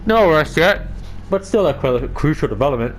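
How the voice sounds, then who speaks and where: A man's voice: a little high, big pitch swings, a little fast, a little hiss or hum, voice pushed up. A man voicing a police commander giving a briefing over the radio.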